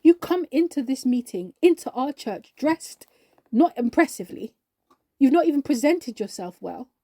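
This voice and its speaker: A woman voicing a proud, indignant male church elder in a storybook reading, loud and offended. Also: sits high, sing-song, normal speed, no room sound, heavily acted. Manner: indignant, rising to shouting. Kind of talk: storybook character voice.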